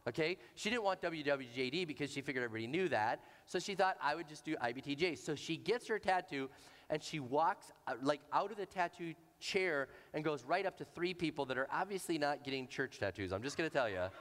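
A pastor preaching to a congregation, animated and anecdotal, repeating words for emphasis. His voice sits a touch higher than most men's, and a long reverb hangs behind it from the large hall. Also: brisk. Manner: animated, repetitive anecdotal delivery. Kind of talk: sermon storytelling.

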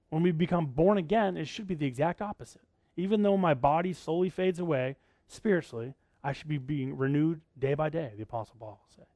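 A man's voice: fairly high pitch, dry recording. Conversational preacher man, dry close sound. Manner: conversational preaching with frequent rhetorical questions. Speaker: pastor. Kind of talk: sermon.

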